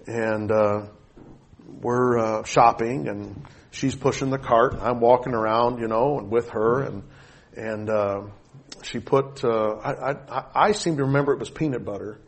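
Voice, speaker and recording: A middle-aged man preaching a sermon, telling a personal story with rising excitement and reading scripture aloud. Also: medium pitch, a little slow, gravelly. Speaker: pastor.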